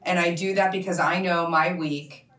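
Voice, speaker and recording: Woman, host, casual chat, enthusiastic, low voice, echoey room, set back from the mic. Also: fairly even intonation, a bit bright, recorded from a distance. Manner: enthusiastic, quick to agree. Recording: roomy echo, voice a bit off-mic.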